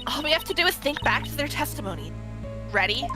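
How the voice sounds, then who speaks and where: A woman's voice: high-pitched, very animated, fast, over music. A woman co-hosting a game stream, joking bluntly and reading lines aloud with friends. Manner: dry blunt jokes, reads lines aloud. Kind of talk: casual game stream chat.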